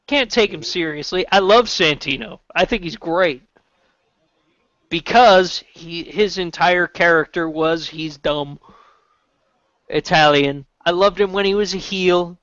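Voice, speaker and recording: A man's voice: high-pitched, unhurried, fairly bright tone, dry recording. A man from Canada hosting a casual chat, rambling with restarts and casual swearing. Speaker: podcast host. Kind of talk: casual chat about wrestling. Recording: dull lo-fi dry recording.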